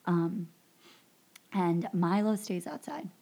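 A woman's voice: lowish voice, lively intonation, takes it slowly, mellow. A woman podcast host casually retelling a movie plot, rambling with lots of fillers. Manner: rambling recap full of fillers and "like". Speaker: podcast host recapping a film. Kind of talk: casual chat.

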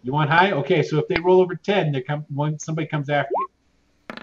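Man, slightly high voice, casual rambling game master, lo-fi mic with steady noise behind. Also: brisk. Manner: casual, rambling with fillers and restarts. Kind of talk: narrating a tabletop game. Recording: muffled lo-fi audio with clear background noise.

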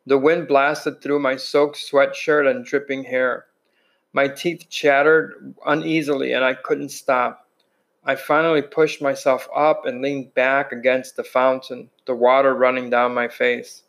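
A man's voice: medium pitch, a bit bright, low-quality recording. Man reading a novel aloud, stumbling. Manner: plain reading with restarts and slips. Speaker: reader.

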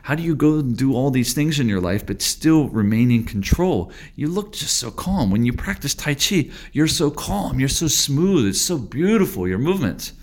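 Man doing a gushing admirer, pitched well up, full of praise. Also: sing-song, moderate pace, hardly any pauses, a little mellow. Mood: admiring. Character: admiring onlooker praising his calm.

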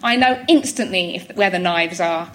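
A woman's voice: fairly low pitch, moderate pace. A woman guesting on a live comedy podcast in a theatre, cheerful, laughing often and breaking in with sudden involuntary tic words. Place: theatre stage before a live audience. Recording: live stage audio with audience noise.

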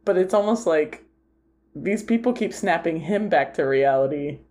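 A woman's voice: on the low side, lively intonation, moderate pace, dark tone. A woman co-hosting a podcast, chatting casually about a film and retelling its scenes with lots of "like" fillers. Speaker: podcast co-host.

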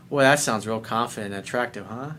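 Reading out a viewer's letter, this dating advice host keeps it casual, blunt, and sarcastic, swearing freely. He speaks at a medium pitch with a sharp tone, and slight background noise can be heard.

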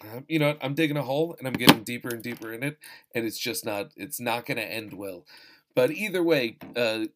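A man's voice: medium pitch, fairly quick, a bit bright. A man hosting a casual film-review talk, rambling and self-deprecating, with profane asides and frequent restarts. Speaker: podcast host reviewing films. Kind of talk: casual chat.

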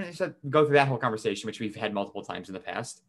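A man's voice: on the low side, very fast, vocal fry. Young man telling a story casually. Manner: animated storyteller, swears casually, laughs while telling. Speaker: podcast co-host.

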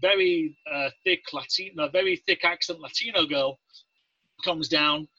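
A man from Leeds, England, and a Navy veteran, speaks at a measured pace in a fairly high pitch with an English accent. He's a guest in a casual interview, animatedly voicing the people he quotes while telling stories, on a dry, dull lo-fi recording without room sound.

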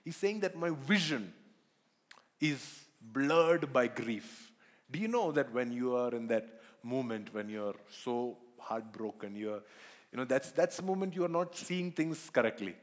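A man's voice: medium pitch, lively intonation, measured pace. A man preaching a sermon in church, earnest, repeating himself and asking the congregation questions. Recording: long hall reverb.

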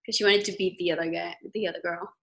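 A woman's voice: on the low side, fairly even intonation, fast talker, gravelly. A woman co-hosting a podcast, chatting casually about a movie with short, playful reactions and laughs. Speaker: podcast co-host. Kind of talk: casual chat reviewing a movie.

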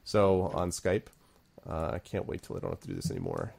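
A man's voice: sits low, wildly swooping pitch, brisk, gravelly, darkish tone. A man running a tabletop game on a stream, rambling and laughing at himself while narrating. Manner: rambling, self-deprecating, laughs often. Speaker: game master. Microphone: video call.

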